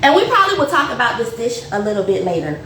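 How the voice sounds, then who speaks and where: A woman's voice: fairly high pitch, big pitch swings, fast, a bit bright, far from the mic. Chatty woman in an echoey kitchen. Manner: chatty and upbeat, addressing viewers as y'all. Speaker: host of a home cooking show. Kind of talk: casual livestream cooking chat. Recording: echoey room, voice off mic, faint noise.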